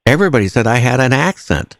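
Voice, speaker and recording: A man's voice: medium pitch, very animated, fast, fairly bright tone, no echo, studio quality. A man from the US West Coast hosting a talk show, chatting in an easygoing way with plenty of fillers. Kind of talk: casual interview chat.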